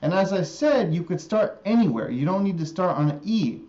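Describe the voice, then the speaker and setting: A man teaching guitar music theory in a live stream, slowly repeating a scale formula and often checking in with an "okay?". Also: high voice, sing-song, a little mellow, dull audio. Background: guitar playing.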